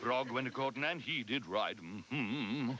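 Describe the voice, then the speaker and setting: A sentimental, chatty male frog with a British accent in a 1990s sitcom. His theatrical voice swoops up and down, and a loud hiss from an old TV copy sits behind him. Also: medium pitch, sing-song, moderate pace. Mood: singing. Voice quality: theatrical, sing-song delivery. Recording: noisy, hissy TV recording.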